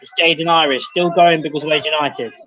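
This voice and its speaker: The club's livestream commentator calls the match play by play from an outdoor football ground under floodlights, naming players and rising with the action. His voice is a little high and a little fast with a steady tone, a crowd audible behind him in dull lo-fi audio.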